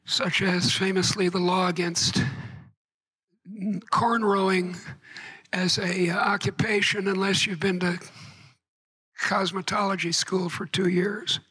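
A man giving a public lecture to an audience, halting and repeating words, with wry asides. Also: high-pitched, little pitch movement, sharp tone, husky, poor audio.

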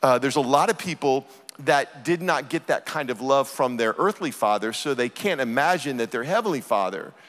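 A man's voice: medium pitch, lively intonation, normal speed, a bit bright. A middle-aged man preaching a sermon as a pastor, earnest and emphatic. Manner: earnest, emphatic scripture reading. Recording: church hall reverb.

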